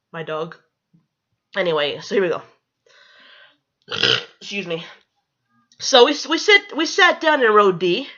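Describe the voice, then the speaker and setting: A woman's voice: mid-range voice, pushed and bright. A young woman telling a storytime vlog in a blunt, profane, confrontational way, on dull lo-fi audio. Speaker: vlogger. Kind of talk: storytime rant.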